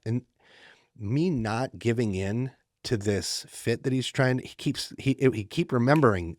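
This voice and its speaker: A man's voice: mid-range voice, unhurried, no room sound, clean studio sound. A middle-aged man co-hosting a podcast, telling a story in casual chat and acting out the quoted lines. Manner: animated storyteller who acts out the quoted lines. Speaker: podcast co-host.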